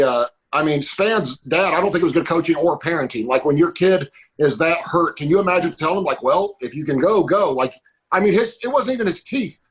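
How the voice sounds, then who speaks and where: A middle-aged podcast guest who rambles quickly, packing his sentences with "like." His voice sits a bit high. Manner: rambling, lots of "like". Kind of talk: casual podcast chat.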